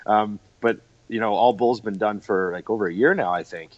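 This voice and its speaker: Very deep man, easygoing interview guest, lots of fillers, dry muffled recording. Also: normal speed, no room sound. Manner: relaxed, easygoing, many fillers. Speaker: podcast guest, gym owner. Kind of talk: casual interview talk.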